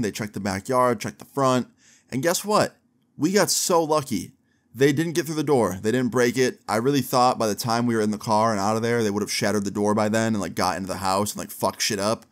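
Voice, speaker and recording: Young man, low voice, casual storytime, animated, slangy, acts out quotes. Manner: animated, quotes people in quick bursts, casual slang and swearing. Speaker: storyteller vlogger.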